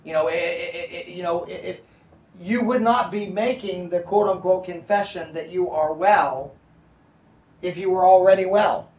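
Brief: male pastor, high voice, conversational Bible teaching, echoey room mic at a distance. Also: normal speed, a little mellow. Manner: conversational, checks in with the audience.

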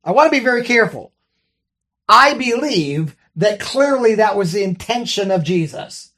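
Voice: mid-range voice, expressive, moderate pace, a bit bright. A Bible study teacher reading scripture and carefully walking through its grammar, often checking in with the listeners. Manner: careful, explains grammar step by step.

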